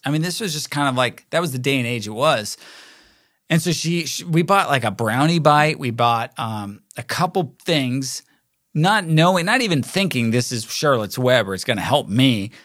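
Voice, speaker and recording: A middle-aged man spins a loose, rambling anecdote, trips over his words and slips into quick impressions of the people he met. His voice sits at an everyday middle pitch. The sound is close and dry, with no room around it. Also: lively intonation, a bit bright, no room sound. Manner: rambling, filler-heavy, acts out quoted voices. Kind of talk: casual anecdotal storytelling.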